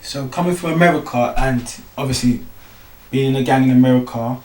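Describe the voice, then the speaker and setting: Male interviewer, quick brief questions, reverberant room. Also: mid-range voice, a little mellow.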